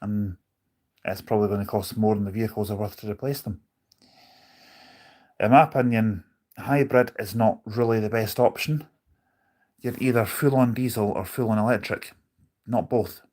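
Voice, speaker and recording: A man's voice: on the low side, fairly even intonation, normal speed, pauses often, a little mellow. A man live streaming from on board a bus, chatting casually, rambling with his opinions and reading out viewer comments.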